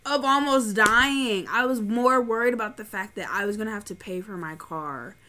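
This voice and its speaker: Young woman co-host, animated and profane, crisp bright tone. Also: medium pitch, normal speed, a little hiss or hum. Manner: animated storytelling, swears freely. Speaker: podcast co-host. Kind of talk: casual chat.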